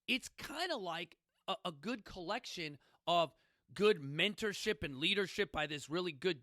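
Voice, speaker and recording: A man's voice: sits high, pushed and bright, no room sound, clean studio sound. A middle-aged man hosting a podcast, telling stories in a casual, emphatic, folksy way and often asking listeners questions. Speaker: podcast host. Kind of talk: casual storytelling talk.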